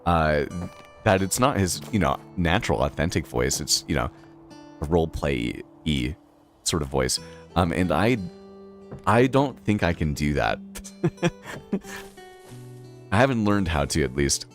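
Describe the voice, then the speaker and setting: Chatting casually while playing on a live stream, a Boston man with a local accent rambles, fills pauses, and laughs often. His voice is extremely low with big pitch swings, at a moderate pace, with faint music behind him.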